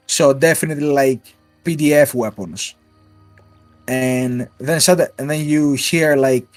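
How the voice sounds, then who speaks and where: A man's voice: mid-range voice, no room sound. A man narrating a tabletop role-playing game as game master, descriptive with fillers and asides.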